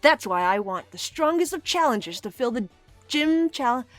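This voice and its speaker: A woman's voice: high-pitched, lively intonation, normal speed, a bit bright, dry recording, faint music behind. A woman voicing a boastful young male champion with a put-on British accent and a theatrical, grand delivery. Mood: rousing.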